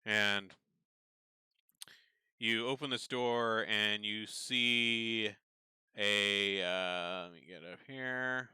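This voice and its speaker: A man narrating a tabletop game as game master, relaxed and full of fillers. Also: on the low side, drawn-out words, long pauses, clear, resonant tone, no echo.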